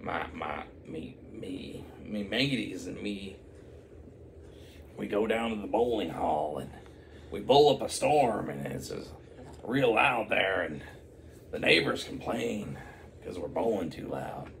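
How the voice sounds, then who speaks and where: A man's voice: deep voice, animated, slow, creaky, slight background noise, full character voice. A man voicing a jolly, boastful pirate islander who growls "yar" and chuckles between words, in an improvised bedtime-style story. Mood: chatty.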